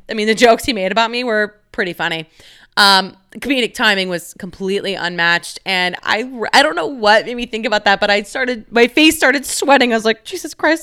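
A young woman chats on her own podcast in a loose, filler-heavy way, swearing freely and giggling through her stories. Her voice is bright and smooth, with a clean, clear tone. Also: mid-range voice, brisk. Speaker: podcast host. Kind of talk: casual solo podcast chat.

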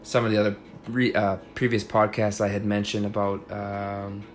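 A man's voice: on the low side, monotone, normal speed, a little hiss or hum. A man hosting a casual podcast, giving blunt, profane relationship advice in a frank, chatty way. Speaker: podcast host. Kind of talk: casual chat.

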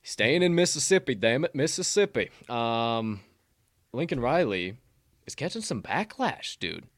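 A man's voice: medium pitch, big pitch swings, a little slow, dry recording, studio quality. A man co-hosting a casual sports podcast, swearing and laughing often as he talks. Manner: profane, laughing, slips into a put-on drawl. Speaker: podcast co-host.

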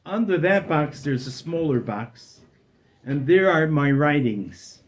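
A man voicing a poor, frail old man who speaks quietly and pleads softly. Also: fairly high pitch, lively intonation, slow pace. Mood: quiet pleading.

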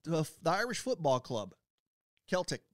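A man's voice: a little high, big pitch swings, normal speed, no room sound, clean studio sound. A man co-hosting a podcast, playful and eager, laughing easily. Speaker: podcast co-host. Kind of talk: casual chat.

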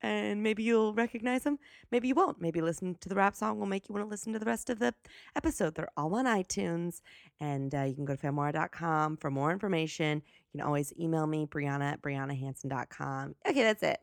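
A young woman talks through her podcast intro in a loose, rambling way, gushing with playful, exaggerated excitement. Her voice sits fairly low and carries a strong gravelly fry. The sound is close and dry. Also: fairly quick, dry recording. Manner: gushing, rambling, playfully over-the-top enthusiasm. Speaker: podcast host. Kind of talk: casual solo podcast intro.

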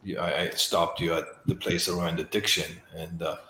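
Deep-voiced reflective New man. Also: level tone, echoey room. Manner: slow, soft and emotionally reflective. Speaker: host. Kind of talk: reflective interview talk.

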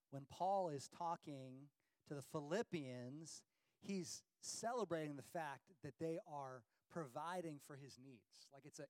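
Man teaching a verse, a bit high. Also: no echo, poor audio. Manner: explains a verse, repeats a line for effect. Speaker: panelist. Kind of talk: sermon-like teaching.

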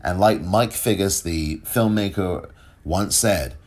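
A man's voice: low-pitched, slow pace. A man hosting his own podcast, talking alone with emphatic rhetorical questions and now and then tripping over his words. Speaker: podcast host. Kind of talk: solo podcast commentary.

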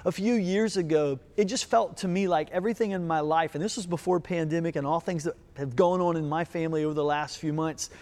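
A man delivers an earnest sermon as pastor. His voice sits high for a man, and he leans into rhetorical questions with building emphasis. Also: fairly quick, few pauses, a little mellow.

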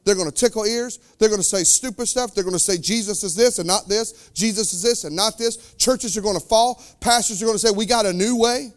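With a high-pitched voice, this man preaches fervently as a pastor, moving from loud proclamations to hushed, slower asides.

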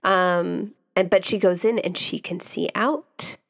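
A woman's voice: fairly low pitch, slow. A young adult woman co-hosting a casual podcast, chiming in and finishing her partner's sentences. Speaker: podcast co-host. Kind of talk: casual chat reviewing romance novels.

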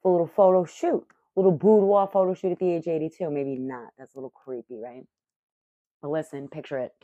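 Low-voiced woman in her thirties, swearing. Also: fairly quick, dry recording. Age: 30s. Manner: profane, animated and self-mocking. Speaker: vlogger. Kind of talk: casual storytelling to camera. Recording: muffled lo-fi audio.

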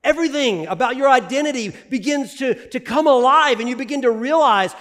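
A middle-aged man preaching a sermon as a pastor, animated, swinging between loud emphasis and hushed asides. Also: very high voice, brisk. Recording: long reverb of a large hall.

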